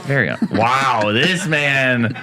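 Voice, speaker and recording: A man's voice: medium pitch, lively intonation, slow pace, crowd noise. A man co-hosting a casual talk show, joking and teasing his partner in an upbeat way. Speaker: co-host. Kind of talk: casual morning show banter.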